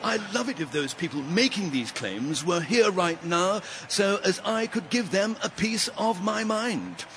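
A pompous old-school cricket commentator. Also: male voice, sits high, expressive, a little slow, hardly any pauses, fairly bright tone, slight background noise, full character voice. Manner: blustering, pompous.

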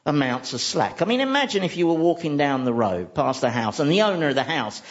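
Casting: wry comedian, animated delivery, slightly dull recording. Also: male voice, on the high side, brisk, background noise. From central London. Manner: dry, wry, self-mocking. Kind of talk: comic monologue.

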